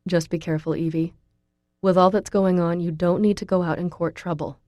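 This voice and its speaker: Woman reading young man, college student, calm, guarded, quietly insistent, low voice, dark tone. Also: a little fast, dry recording, clean studio sound, natural voice.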